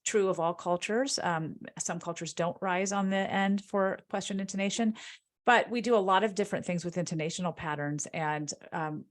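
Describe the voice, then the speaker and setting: A woman linguist and author answering audience questions in an explanatory, lecture-like way, with animated rises when she stresses a point. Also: lowish voice.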